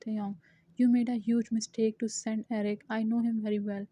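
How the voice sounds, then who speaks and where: A woman's voice: fairly high pitch, moderate pace, no room sound, close to an everyday voice. A woman reading as a cold male mafia boss. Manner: flat, even reading of each line. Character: ruthless young male mafia leader. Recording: dull lo-fi recording.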